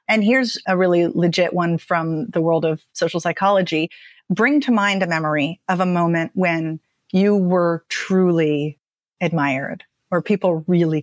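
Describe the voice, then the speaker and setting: Animated woman speech coach, lowish voice. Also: dry recording, studio quality. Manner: animated, emphatic, lots of "right?". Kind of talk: podcast interview guest.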